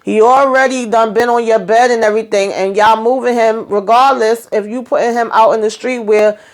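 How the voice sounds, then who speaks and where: A woman's voice: on the high side, normal speed. Woman vlogger doing a laid-back episode recap, chatty, lots of y'all and okay. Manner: chatty and animated, acting out quotes. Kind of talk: casual recap chat.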